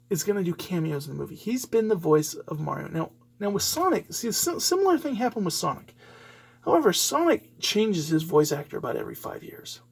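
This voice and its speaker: A man's voice: sits high, creaky, slightly rough. A man hosting a solo podcast, giving rambling, opinionated commentary full of fillers and restarts. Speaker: podcast host.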